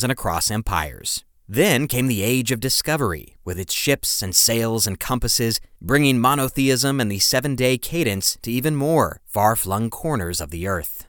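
A man's voice: medium pitch, expressive, normal speed, few pauses, fairly bright tone, dry recording, clean studio sound. A man hosting a podcast, reading scripted history narration in a dramatic, emphatic storytelling manner with playful asides. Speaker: podcast host.

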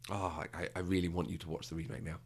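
A man's voice: low voice, little pitch movement, racing, slightly rough. A British man co-hosting a podcast, talking casually and often laughing. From Britain. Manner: chatty, laughs often, acts out quotes. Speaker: podcast co-host. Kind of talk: casual chat.

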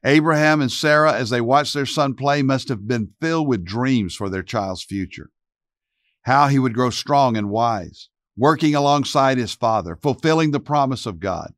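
Man telling a bible story, calm and reflective, dry close sound. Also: mid-range voice, normal speed, no room sound. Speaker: narrator.

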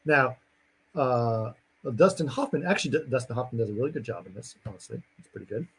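A man's voice: medium pitch, lively intonation, fast, husky, rough recording. A man in casual chat, rambling through a movie plot with lots of fillers and acted-out lines. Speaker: podcast co-host recapping a movie.

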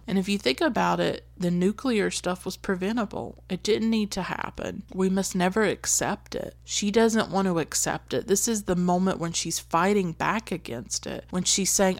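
A woman podcast host giving a reflective commentary on a film scene, speaking in an earnest, slow and emphatic way. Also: lowish voice, gravelly.

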